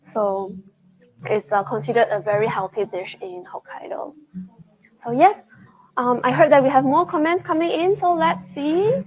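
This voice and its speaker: A young woman hosting a live travel vlog, chatting excitedly while tasting food at a restaurant. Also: high-pitched, normal speed, poor audio. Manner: chatty and excitable, with frequent gasps and laughs. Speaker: travel show host. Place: indoors at a restaurant.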